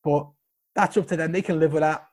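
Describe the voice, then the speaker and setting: A man with a Liverpool accent speaks in a fairly high register. He talks bluntly and swears freely as he tells his story. He sounds like a guest on a video-call podcast. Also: steady tone, fairly quick, a little mellow. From Liverpool, England. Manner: blunt and sweary, emphatic praise. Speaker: guest, soldier.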